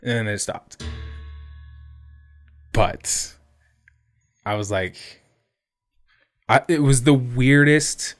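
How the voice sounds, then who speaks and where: A man telling an animated, sweary anecdote in casual podcast chat. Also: mid-range voice, extremely slow, long pauses, faint music behind. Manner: animated, swearing, laughing, mimics others in quotes. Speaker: podcast host.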